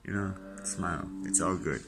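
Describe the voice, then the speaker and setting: A man's voice: deep voice, normal speed, background noise. An older man, short of breath, talking casually to camera and joking wryly about dying. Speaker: vlogger.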